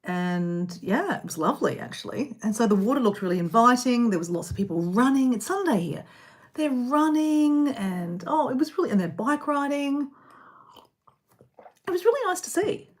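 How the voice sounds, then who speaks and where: A woman's voice: fairly high pitch, very animated, normal speed. A woman hosting a casual live stream, rambling and chatting while eating snacks indoors. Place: indoor room.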